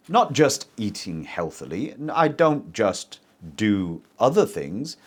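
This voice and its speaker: A man teaching English as a native speaker, modelling sentences for learners to repeat in a pronunciation lesson. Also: medium pitch. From English-speaking country. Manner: very lively teacher intonation, slow deliberate pacing.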